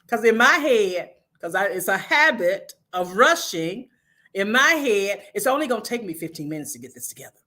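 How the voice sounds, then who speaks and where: A middle-aged woman hosting a casual faith-based motivational talk, telling stories in an animated, playful way with bursts of laughter. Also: mid-range voice, normal speed. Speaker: host, inspirational speaker.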